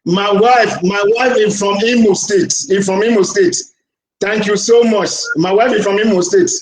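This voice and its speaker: A man's voice: sits high, normal speed, echoey room, slight background noise, rough recording. A man from Nigeria calling in to an online talk program, speaking with fervent, repetitive emphasis. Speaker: caller. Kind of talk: emotional call-in speech.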